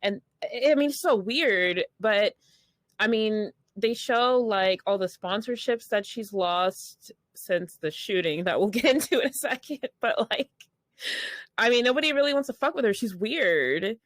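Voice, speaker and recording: A woman's voice: a little high, expressive, unhurried, no room sound, clean studio sound. A young woman co-hosting a podcast, chatting casually in a blunt, sarcastic way and laughing often. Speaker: podcast co-host. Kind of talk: casual gossip chat.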